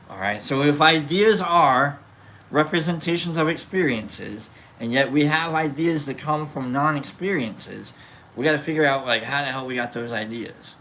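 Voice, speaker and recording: A teacher giving a casual philosophy lesson, reading from a book and thinking out loud, with many fillers and self-corrections in a laid-back, jokey way. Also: mid-range voice, moderate pace.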